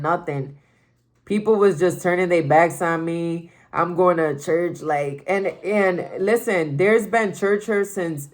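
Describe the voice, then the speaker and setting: A young woman sharing a personal faith testimony in a casual, emphatic way, repeating phrases and saying "like" often. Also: lowish voice.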